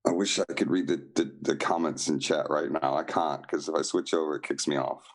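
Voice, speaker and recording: A man, a guest on a live online show, talking in a halting way with many fillers and restarts. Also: extremely low pitch, fairly even intonation, poor audio. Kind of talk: casual live-stream chat.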